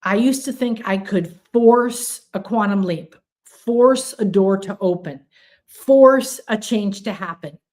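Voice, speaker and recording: An older woman leads a spiritual gathering in a mid-range voice, with an earnest, affirming delivery. She piles up repeated words and slips into lively little acted quotes of her own thoughts. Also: medium pitch, slow. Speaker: spiritual teacher. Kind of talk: spiritual talk to a group.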